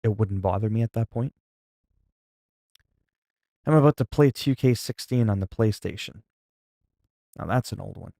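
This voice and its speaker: A laid-back male streamer talks with his viewers in a low voice. His delivery is calm and low-key, and some listeners hear it as half asleep. The sound is close and dry, with a gravelly edge. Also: no echo. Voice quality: sleepy-sounding, flat delivery. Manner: low-key, calm and unhurried, not hyped. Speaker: livestreamer. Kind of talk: casual live-stream chat with viewers.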